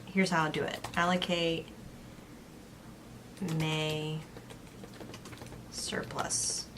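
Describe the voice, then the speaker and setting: A young woman with a slightly low voice, chatting casually as she walks through her monthly budget line by line. A faint hum of background noise sits under her voice. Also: little pitch movement, extremely slow. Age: young adult. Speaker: personal finance vlogger, co-host. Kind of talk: casual chat.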